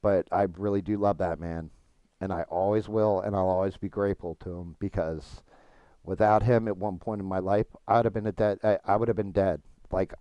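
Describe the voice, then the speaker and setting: Low, mellow-voiced man streaming casually. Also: no echo, muffled recording. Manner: frank and profane, rambling with restarts. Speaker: gaming streamer.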